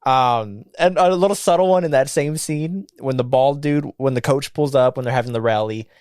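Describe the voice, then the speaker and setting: A man hosting a casual movie chat, talking in an animated way, acting out quotes and laughing often. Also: medium pitch, normal speed, smooth, no echo, clean studio sound. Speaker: podcast host.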